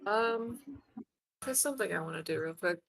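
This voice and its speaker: A woman playing in a tabletop game, briskly describing what her character does. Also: medium pitch, animated, vocal fry, a bit bright, no echo, poor audio. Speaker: player. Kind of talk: casual tabletop play.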